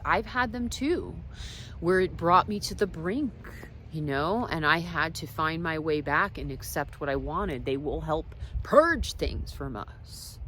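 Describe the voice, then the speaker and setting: A woman with a low, unhurried voice tells personal stories in a casual wellness vlog. She drifts between soft asides and emphatic points. A faint hiss of noise sits under her voice. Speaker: wellness vlogger. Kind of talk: casual reflective storytelling.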